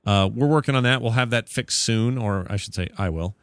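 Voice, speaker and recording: A man's voice: fairly low pitch, brisk, clean tone, no echo, clean studio sound. A man hosting a casual podcast, joking and rambling, sometimes correcting himself. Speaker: podcast host.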